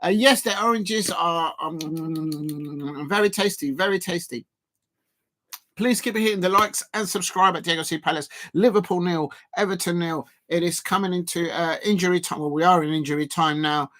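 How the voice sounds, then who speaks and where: A man's voice: fairly high pitch, moderate pace, fairly bright tone. A man hosting a live football watch-along, commenting in a rambling, hesitant way full of fillers.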